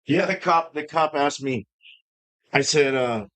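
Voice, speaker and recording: A man's voice: on the high side, a little slow, a bit bright. A man hosting a live home-brewing stream, chatting casually with a rambling, profane manner and frequent laughs. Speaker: homebrewing live-stream host. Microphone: streaming setup.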